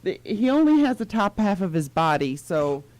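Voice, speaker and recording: A woman co-hosting a radio show, chatting in a relaxed way and laughing often. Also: medium pitch, normal speed, dry recording. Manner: relaxed, laughing, lively ups and downs. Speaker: radio co-host. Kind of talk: casual radio chat.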